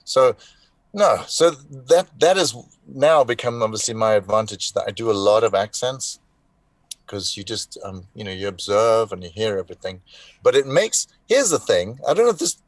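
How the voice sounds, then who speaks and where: A male voice actor, a guest in a live online interview, telling animated anecdotes with restarts and asides. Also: lowish voice, normal speed, no echo. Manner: animated anecdotes with frequent restarts and 'you know'. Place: lives in Denmark.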